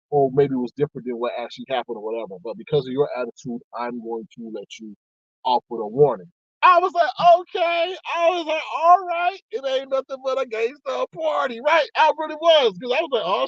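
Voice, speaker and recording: Male host, high voice, lively casual storyteller, dry dull recording. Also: no room sound. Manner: animated, acts out both sides with excited high jumps. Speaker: host telling a story to viewers. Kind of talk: casual storytelling to a live audience.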